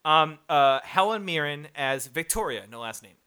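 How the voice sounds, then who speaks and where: A man's voice: fairly high pitch, animated, normal speed, sharp tone, smooth. A man co-hosting a casual movie review chat, rambling and profane with lots of fillers. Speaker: podcast co-host.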